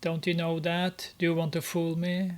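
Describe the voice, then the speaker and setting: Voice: medium pitch, monotone, normal speed, lightly acted. A gamer voicing an angry thug who accuses someone of tricking him, reading the subtitles aloud. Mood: accusing.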